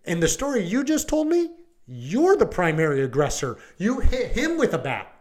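Slightly high-voiced male police deputy. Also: moderate pace. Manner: animated retelling of a call, acting out quoted dialogue with lots of "like" and "I go". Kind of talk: casual storytelling in a podcast chat.

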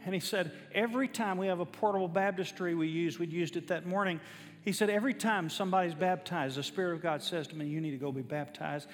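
A man's voice: high-pitched, steady tone, fast talker. A man, a pastor telling a story in a sermon, emphatic and building to fervent preaching. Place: church sanctuary. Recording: reverberant church hall with faint music.

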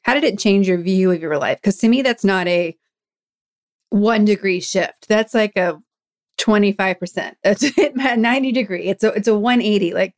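A woman's voice: medium pitch, normal speed. A woman hosting a conversational interview. She is engaged, laughs along with her guest, and asks reflective, thoughtful questions.

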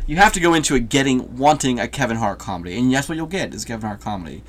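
A man talks through a movie with a friend in an easygoing, rambling way. He starts thoughts, drops them and laughs readily. His voice sits at an ordinary middle pitch. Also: expressive, fast talker, a bit bright. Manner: rambling, laughs easily, trails off. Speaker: podcast co-host reviewing a movie. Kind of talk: casual chat.

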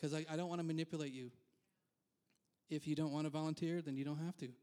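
Brief: male pastor, fairly high voice, candid chatty sermon with asides. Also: fairly even intonation, fast talker, warm tone, clear, resonant tone. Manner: candid, self-deprecating, frequent asides. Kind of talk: conversational sermon.

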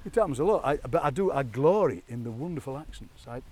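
Out on a walk by a graveyard, a Yorkshire man tells stories animatedly, laughing often and slipping into other people's accents. His voice is husky and of middling pitch. A distant mic catches him from a little way off in the open air.

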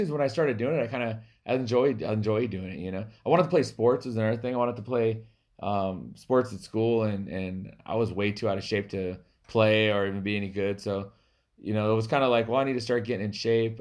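A man from a Native American reservation hosting a podcast, telling stories in a casual, animated way, laughing often and acting out the people he quotes. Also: medium pitch. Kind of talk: casual storytelling chat.

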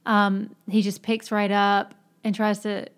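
A woman co-hosting a casual book discussion, making measured, analytical points. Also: medium pitch, flat delivery, clear, resonant tone.

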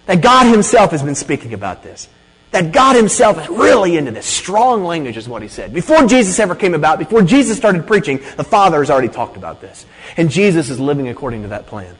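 A man preaching a sermon in a conversational, emphatic way, often checking in with "okay?". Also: mid-range voice. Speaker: pastor. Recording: long hall reverb.

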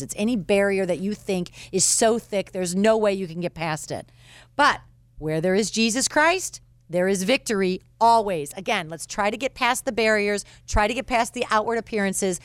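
A woman's voice: mid-range voice, clear, resonant tone, no room sound. A woman giving an inspirational radio segment, telling stories with emphasis. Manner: emphatic storyteller. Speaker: radio show contributor.

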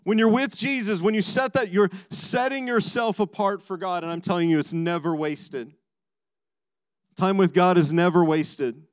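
A man preaching a sermon as pastor, emphatic, moving between raised passages and hushed low ones, often repeating words as he starts a sentence. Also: moderate pace, clean tone, dry recording.

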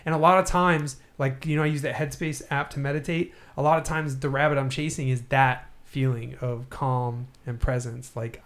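A man telling a long personal story in casual podcast chat, rambling and laughing often. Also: mid-range voice.

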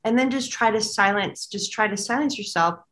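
A woman's voice: mid-range voice, brisk, fairly bright tone. A woman co-hosting a casual spiritual chat, relaying messages she hears and laughing often. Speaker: co-host and medium.

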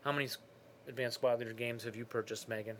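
Male podcast co-host, mid-pitched, dry teasing delivery, faint hum behind. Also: fairly even intonation, fast, fairly bright tone. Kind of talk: casual chat reading listener mail.

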